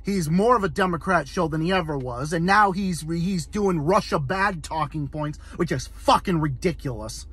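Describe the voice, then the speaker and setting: A man with a fairly high voice delivers a solo rant, swearing constantly and circling back over the same points. The recording is close and dry, with no room sound. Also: normal speed, few pauses, fairly bright tone, breathy edge, no room sound. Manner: heated, profane, repeats himself. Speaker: political commentary host. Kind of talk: angry solo political rant.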